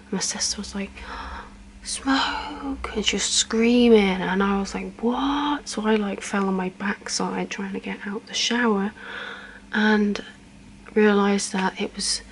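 Brief: young woman, whispered ASMR role-play, unhurried, soft friendly chatter, faint background hiss. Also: mid-range voice, flat delivery, poor audio. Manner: soft whisper with chatty asides, counting slowly. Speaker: ASMR creator.

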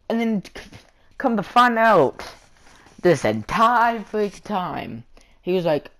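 Lively chatty male gaming vlogger. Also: high voice, slow pace. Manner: chatty, repeats "freaking" and fillers. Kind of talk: casual rambling storytelling.

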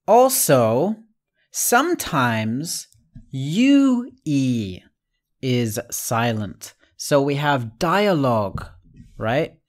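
Slow, patient male English teacher. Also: mid-range voice, big pitch swings. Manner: explains patiently, checks in with frequent "right?"; spells out letters and repeats example words slowly. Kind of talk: recorded online lesson.

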